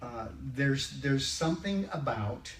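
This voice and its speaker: An older man leading a Bible study group, chatting conversationally and slowing down to read scripture. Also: mid-range voice, lively intonation. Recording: roomy, distant mic, faint background noise.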